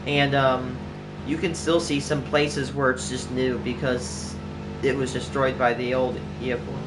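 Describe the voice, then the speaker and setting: Playing a game on stream, a man talks casually in a medium-pitched voice that moves little in pitch and runs a little slow. His chat is rambling, full of "like" and restarts, over clear background music.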